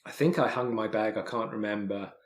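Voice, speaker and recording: An English man, a podcast guest, telling a story in casual talk, halting with many restarts and repeated words. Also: on the low side, steady tone, reverberant. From England. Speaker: podcast guest, hiker and author.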